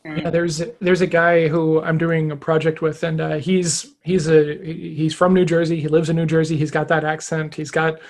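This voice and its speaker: Higher-voiced man telling stories on a podcast. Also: normal speed. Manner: animated storyteller, acts out quoted dialogue. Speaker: podcast co-host. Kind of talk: casual podcast chat, storytelling.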